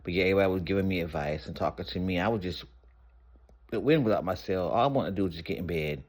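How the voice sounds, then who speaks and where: Man, deep voice, casual storytime vlogger, candid and conversational. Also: fast. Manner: candid, conversational, rambling with restarts.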